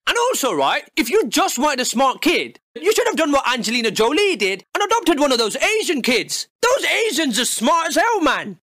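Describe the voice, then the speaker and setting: A young man rants for comedy, mocking and exasperated, with loud outbursts. His voice is very high and bright. The recording is close and dry. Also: huge pitch swings, normal speed, hardly any pauses, no echo. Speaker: comedy YouTuber. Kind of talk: comedic rant to camera.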